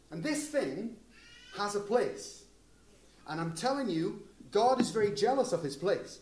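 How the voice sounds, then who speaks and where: A male pastor with a fairly high voice delivers a sermon in a chatty, conversational way. He keeps turning to the congregation with questions and calls of "Amen?". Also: expressive, a little slow, a little mellow, a little hiss or hum.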